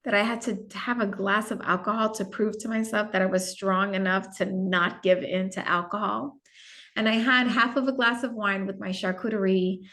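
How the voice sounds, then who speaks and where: A middle-aged woman, a podcast guest, telling a personal story in a candid, reflective way with some halting restarts. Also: medium pitch, fairly even intonation, fairly bright tone. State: gets emotional at times.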